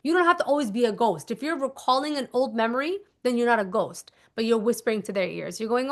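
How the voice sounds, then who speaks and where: Emphatic woman coaching, slightly high voice. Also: fast talker, few pauses. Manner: emphatic, repeats instructions, checks in with "okay?"; animated, acts out little scenes. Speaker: manifestation coach. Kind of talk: casual teaching monologue.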